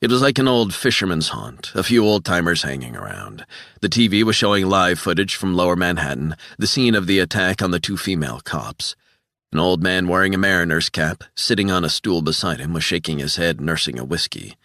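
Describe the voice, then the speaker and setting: A man reading an audiobook in measured, scripted narration. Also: sits low, expressive, vocal fry, a bit bright, no room sound, studio quality.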